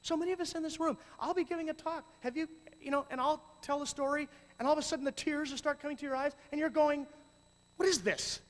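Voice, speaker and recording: High-voiced man preaching in a big hall. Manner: swings from hushed and slow to loud and animated. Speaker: youth ministry speaker. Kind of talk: conference talk. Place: large hall with audience. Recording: long hall reverb.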